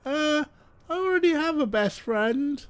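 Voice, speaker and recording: A man voicing a meek, confused beast from beyond in a deliberately bad Scouse accent, speaking in hesitant, plaintive phrases. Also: extremely high pitch, lively intonation, pitched above the performer's own voice. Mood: lost. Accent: bad put-on Scouse.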